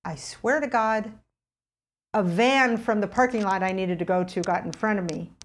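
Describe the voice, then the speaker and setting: Speaking at an ordinary speed, this middle-aged female guest relaxes into a personal anecdote. Her past thoughts get acted out, with animated jumps in pitch.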